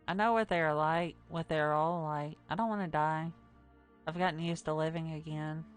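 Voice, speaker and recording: A woman streamer reading a dark story game aloud in a plain storytelling voice, breaking off for wry asides. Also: deep voice, steady tone, moderate pace, faint music behind.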